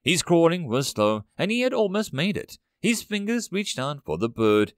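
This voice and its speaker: A man narrating a sci-fi story as an audiobook, dramatic and expressive. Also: fairly high pitch, moderate pace, no room sound, clean studio sound.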